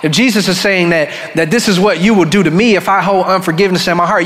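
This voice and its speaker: A man's voice: sits high, quick pace, hardly any pauses, a bit bright. A male pastor preaching a sermon in a conversational way, acting out the story's voices as he goes. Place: church sanctuary. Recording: church hall with long reverb.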